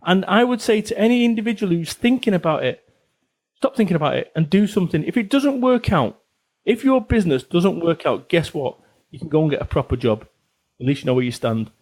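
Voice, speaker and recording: A man in his forties, a business author with a Northern English Salford accent from England, appears on a podcast for a casual interview chat. He's blunt, swears freely, and repeats phrases for emphasis, his high-pitched, animated voice fairly quick and a little mellow.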